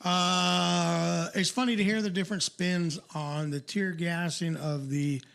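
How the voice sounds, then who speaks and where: A man's voice: sits high, steady tone, unhurried, vocal fry, a bit bright. A man co-hosting a podcast in loose, profane casual chat, often laughing. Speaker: podcast co-host.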